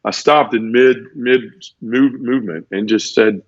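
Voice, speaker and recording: A man's voice: medium pitch, unhurried, no room sound. A man, a podcast guest, telling his personal testimony in an emotional, repetitive way and acting out sound effects. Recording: dull, lo-fi podcast audio.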